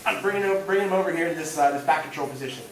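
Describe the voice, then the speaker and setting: Speaking very fast with a fairly high voice, a jiu-jitsu instructor leads a live grappling session indoors, showing techniques on a partner and cracking jokes at his own expense. The sound is echoey, captured from far away in the gym.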